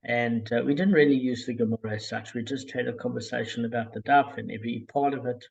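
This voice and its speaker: Over a call, a Talmud study group leader runs a casual session, rambling easily with lots of fillers in a gravelly, husky voice. His pitch is medium and his pace quick. The recording quality is low.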